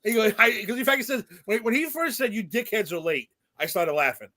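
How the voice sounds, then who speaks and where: A man co-hosting a podcast, chatting casually and excitedly retelling his reactions with lots of swearing. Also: sits high, brisk. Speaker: podcast co-host. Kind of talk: casual chat.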